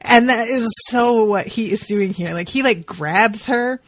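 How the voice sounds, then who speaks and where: A woman co-hosting a podcast, chatting casually and telling stories in an animated way with the odd swear word. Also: a little high, measured pace, slight background noise. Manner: animated, profane storytelling. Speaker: podcast co-host.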